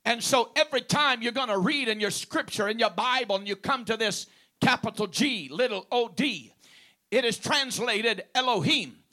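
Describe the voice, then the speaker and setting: A man's voice: very high voice, expressive, normal speed, sharp tone. A man preaching a sermon, stressing key words by drawing them out and punctuating his points with praise and amens.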